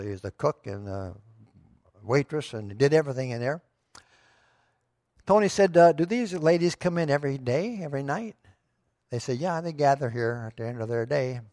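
A man's voice: medium pitch, darkish tone, dry recording, clean studio sound. A pastor preaching a sermon to his church, telling a story in a conversational way that rises to emphatic moments.

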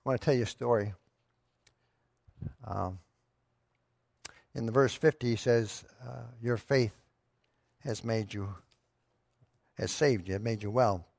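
A man's voice: mid-range voice, slow pace, gravelly, pauses often, darkish tone, no room sound. A pastor preaching a sermon to his church, telling a story in a conversational way that rises to emphatic moments.

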